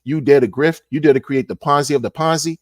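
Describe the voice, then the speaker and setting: A man ranting in a casual monologue, animated and sarcastic, repeating words and laughing often. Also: on the high side, quick pace, no room sound, clean studio sound. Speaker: crypto commentator.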